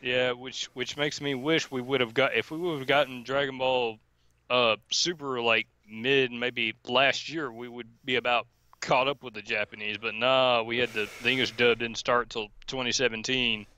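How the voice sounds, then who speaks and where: A man's voice: mid-range voice, steady tone, moderate pace, bright, forceful tone, clean tone, dry recording. A young man co-hosting a stream, chatting casually and hesitantly with many fillers. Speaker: stream co-host. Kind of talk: casual chat.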